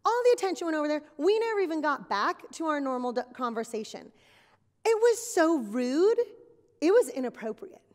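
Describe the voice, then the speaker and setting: A woman giving a children's sermon at church, telling stories in an animated, exaggerated way for kids. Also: high voice, fast, hardly any pauses. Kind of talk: kid's sermon with acted skit. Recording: long reverb in a hall.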